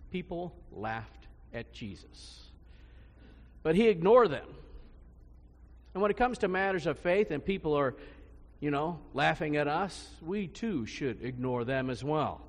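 A male pastor preaching a sermon in a conversational style, his pitch and loudness swinging widely between phrases. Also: lively intonation, unhurried. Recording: long hall reverb.

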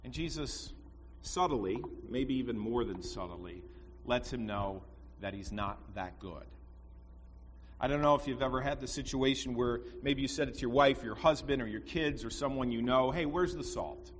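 A man's voice: mid-range voice, normal speed. A man preaching a sermon, telling stories in a conversational way with asides to his listeners. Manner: storytelling, conversational with rhetorical asides. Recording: long reverb, faint background noise.

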